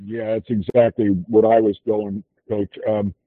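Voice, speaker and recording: Male caller, husky voice, dry and tinny over a phone line, earnest. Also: on the low side, flat delivery, measured pace, dry recording. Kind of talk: casual chat.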